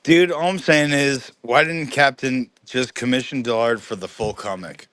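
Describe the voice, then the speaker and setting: A man who joins a casual livestream panel chat as a guest, easygoing and quick to laugh. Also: medium pitch, fairly bright tone, clear, resonant tone, dry recording.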